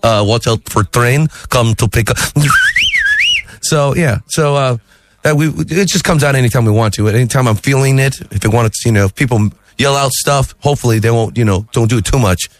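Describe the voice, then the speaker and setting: A man being interviewed as a comedian, animated and quick to slip into impressions. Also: mid-range voice, a little hiss or hum. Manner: animated, jumps into sung and shouted impressions. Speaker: comedian guest.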